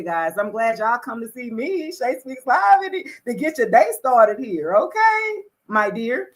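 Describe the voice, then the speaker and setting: A high-pitched woman runs a casual live tarot stream. She talks to her viewers directly and jumps from loud, excited outbursts to quiet, low remarks. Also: a little slow. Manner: animated, greets viewers, swings between loud exclamations and low asides. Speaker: tarot reader hosting a livestream.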